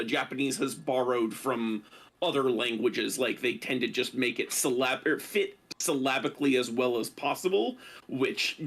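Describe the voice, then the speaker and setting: A man reading translated classic verse aloud at a measured pace, then chatting casually as the discussion host. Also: mid-range voice, fairly bright tone.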